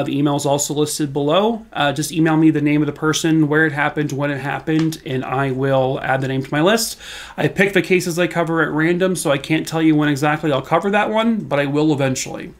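A young man telling true crime stories in a casual, chatty vlog, full of fillers and slightly hoarse as he loses his voice. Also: fairly high pitch, brisk. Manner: chatty, filler-heavy, self-deprecating.

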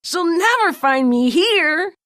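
A woman voicing a loud, excitable talking toy cell phone in a children's storybook, speaking in an eager, shouty way. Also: high voice, takes it slowly, dry recording, clean studio sound, heavily acted. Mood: excited, loud.

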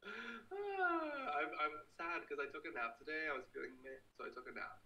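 A young man chatting casually on a home live stream, playful and quick to laugh as he reads viewer comments. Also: mid-range voice, bright, forceful tone, far from the mic, dull audio. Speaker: livestreamer. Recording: echoey room, away from the mic, faint hiss.

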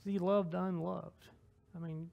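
A young Southern man preaching a casual sermon in a high, gravelly voice. He rambles in a folksy, self-deprecating way, stops and restarts his sentences often, and leads straight into a heartfelt closing prayer. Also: flat delivery, a little slow, muffled recording. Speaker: lay preacher.

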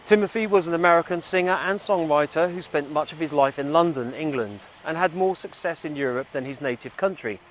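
A man's voice: on the high side, fairly quick, few pauses, slight background noise. A man hosting a casual vlog outdoors in a cemetery, talking in a chatty, rambling, self-deprecating way. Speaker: vlog host. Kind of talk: casual walking-tour vlog. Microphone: small clip-on microphone. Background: faint outdoor ambience with crows.

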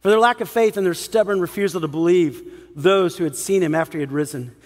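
A man's voice: sits high, quick pace, big-room sound. A man preaching a sermon as pastor, acting out the people in the story as he talks. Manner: animated, acts out the people in the story. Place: church hall.

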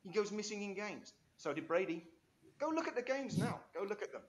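A man's voice: high-pitched, big pitch swings, a little fast. A man, an interview guest telling rambling, enthusiastic stories full of restarts and asides. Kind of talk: animated storytelling interview.

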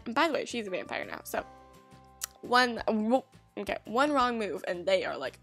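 Bubbly high-voiced young woman gamer. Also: lively intonation, moderate pace, a bit bright, no room sound, soft background music. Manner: bubbly, gushing, chatty. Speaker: gaming YouTuber. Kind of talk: casual let's-play commentary.

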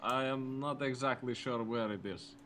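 A man's voice: mid-range voice, moderate pace, sharp tone, a little hiss or hum. A man playing a character in a tabletop role-playing game, speaking in character in a playful way. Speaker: player.

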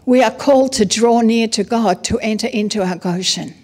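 Lively woman preaching a sermon. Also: on the high side, normal speed. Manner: lively, conversational storytelling with acted asides. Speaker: apostle and preacher.

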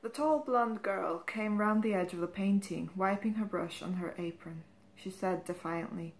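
A woman reading from a novel aloud in a measured, even narrating voice. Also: mid-range voice. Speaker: reader.

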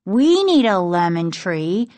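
A woman's voice: medium pitch, big pitch swings, slow pace, darkish tone, no echo. A woman voicing a cheeky young boy, the pesky little brother, in an audiobook reading. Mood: eager.

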